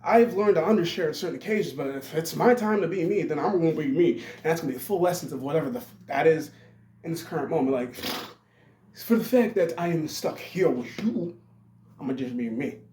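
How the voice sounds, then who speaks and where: A man's voice: fairly high pitch, animated, fairly quick, warm tone, slight background noise. A man in his twenties giving a rambling monologue, blunt and profane. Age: 20s. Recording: roomy echo.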